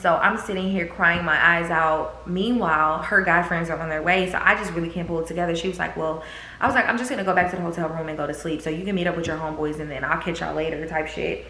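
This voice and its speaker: Young female vlogger, low-ish voice, candid storytime, echoey room, faint hiss. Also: steady tone, fast talker, sharp tone. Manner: candid, profane, drawling, quotes others in a raised voice. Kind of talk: casual storytime.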